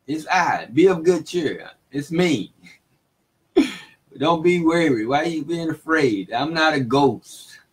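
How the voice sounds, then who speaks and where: A man teaching the Bible in a relaxed, casual way, reading verses and retelling them in everyday speech with frequent chuckles. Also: a little high, rough recording.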